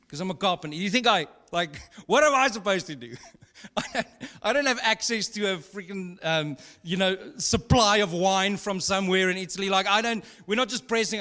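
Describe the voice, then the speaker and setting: A pastor preaches in a high, light voice, mixing scripture with funny family stories. His delivery is casual and conversational. The sound carries a long reverb from a large hall. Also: expressive, normal speed, sharp tone. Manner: conversational, humorous storytelling with laughs. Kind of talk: sermon.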